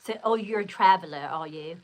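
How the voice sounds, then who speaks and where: A woman's voice: mid-range voice, fairly quick, low-quality recording. Chatty older woman livestreaming. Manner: chatty, rambling, exclamatory, reads viewer comments. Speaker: livestream host. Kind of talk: casual livestream chat.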